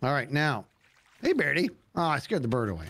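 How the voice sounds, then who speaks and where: Goofy, lively man babbling game noises. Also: a little high, fairly quick. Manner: silly, playful sound effects and singsong babble. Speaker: guest co-player. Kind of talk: casual gaming chat.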